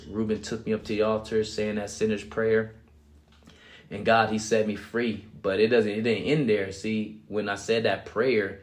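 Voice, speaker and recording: Man, young adult, low-pitched, casual storytelling, animated, laughs a lot. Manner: animated, acts out quotes, laughs often. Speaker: guest sharing his testimony.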